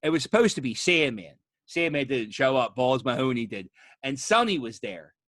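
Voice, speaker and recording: A man hosting a casual wrestling chat, telling rowdy, profane stories and acting out quotes loudly. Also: mid-range voice, sing-song, moderate pace, no echo, clean studio sound. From Philadelphia area. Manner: rowdy storyteller, swears a lot, acts out quotes loudly. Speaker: podcast host.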